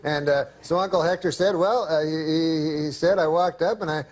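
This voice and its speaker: A man telling a long, halting comedy story in a deadpan way, full of restarts and folksy old-timey phrasing. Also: a little high. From Canada.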